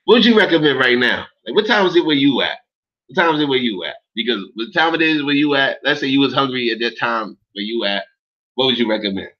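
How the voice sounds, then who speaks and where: A man's voice: mid-range voice, expressive, fast talker. A man hosting a casual livestream, rambling and swearing in street slang as he answers his viewer chat. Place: indoors in Los Angeles. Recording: dull lo-fi stream audio.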